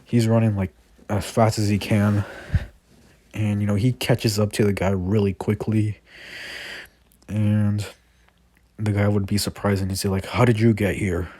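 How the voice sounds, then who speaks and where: A man's voice: lowish voice, flat delivery, measured pace, pauses often, dark tone. A man improvising a fan story, rambling with constant fillers and restarts.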